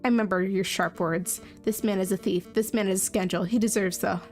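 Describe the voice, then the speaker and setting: A woman voicing a vengeful young rebel woman in a game, accusing and intense, with soft music behind. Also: mid-range voice, fairly even intonation, a little fast, close to an everyday voice. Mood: bitter.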